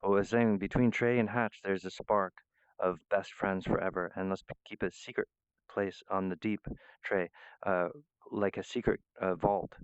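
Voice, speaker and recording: Rambling, profane male vlogger, low smooth voice, dry lo-fi recording. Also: flat delivery, normal speed, dry recording. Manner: rambling, profane, restarts mid-phrase. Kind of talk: rambling monologue.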